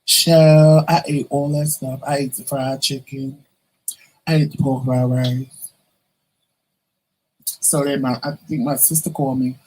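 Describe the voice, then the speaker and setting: On a low-quality recording, a man with a mid-range voice shares a personal story with his camera audience, taking his time and leaving long pauses. As a vlogger, he keeps it casual and animated, performing the quoted voices of the people in his tale.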